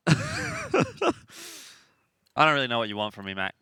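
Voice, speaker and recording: A man's voice: on the low side, expressive, a little slow, pushed and bright, clean tone, dry recording, studio quality. A man with an Australian accent joking in playful banter on an esports broadcast.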